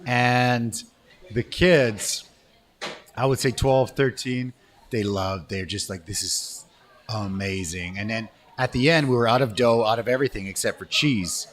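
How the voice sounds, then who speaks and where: A Canadian man hosting a casual interview, enthusiastic and quick to chime in with affirmations. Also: mid-range voice, a little hiss or hum. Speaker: podcast host.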